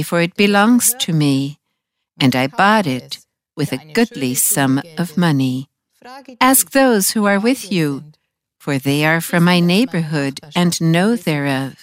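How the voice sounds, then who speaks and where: A woman's voice: fairly low pitch, expressive, measured pace. A woman reading the lines of a stubborn, defiant man who insists on his rights over his animal. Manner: curt, defiant. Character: defiant male horse owner, stubborn and proud. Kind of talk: scripture reading.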